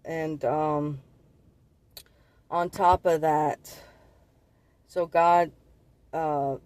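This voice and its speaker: Man, earnest spiritual testimony, rambling delivery, voice a little high. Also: steady tone, drawn-out words, darkish tone, clear, resonant tone, no room sound. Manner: earnest, rambling, repeats and restarts words. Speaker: vlogger sharing visions.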